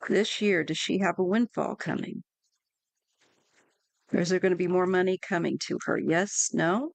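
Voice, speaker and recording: A woman's voice: fairly low pitch, moderate pace, vocal fry, no room sound. A woman doing a live tarot reading for viewers, chatty and reassuring, with many fillers and restarts. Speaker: tarot reader.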